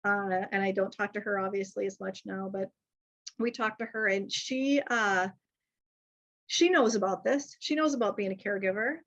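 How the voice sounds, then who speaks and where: A woman's voice: mid-range voice, moderate pace. A middle-aged woman, a speech pathologist giving a conversational presentation full of anecdotes, chatty and often restarting her sentences. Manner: chatty, lively, frequent restarts and self-corrections. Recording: dull lo-fi sound.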